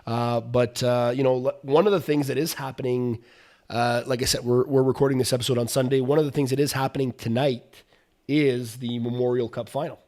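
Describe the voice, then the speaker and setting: A man co-hosting a casual hockey podcast, relaxed and full of fillers. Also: medium pitch, brisk. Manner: relaxed, filler-heavy, frequent restarts. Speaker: podcast co-host.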